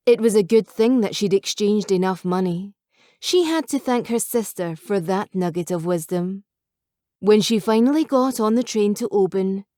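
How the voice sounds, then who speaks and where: A woman calmly narrating a novel as an audiobook reader. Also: mid-range voice, no echo, studio quality. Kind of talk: scripted narration.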